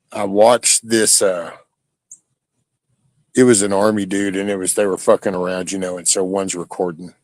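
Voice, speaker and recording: A man's voice: fairly low pitch, no room sound, low-quality recording. A man hosting a livestream, rambling in casual chat with his viewers, swearing often and stopping and restarting his sentences. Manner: rambling, profane, halting with restarts. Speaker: livestream host.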